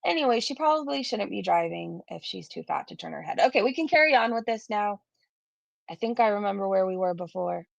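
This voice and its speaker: A woman streamer talks in a loose, chatty way, reading out viewer comments and tossing in blunt asides. Her voice has a gravelly fry at mid pitch, and the sound is dry and close. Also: animated, fairly quick, dry recording, lo-fi sound. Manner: chatty, reads viewer comments aloud, frequent swearing and laughs. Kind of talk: casual live-stream commentary.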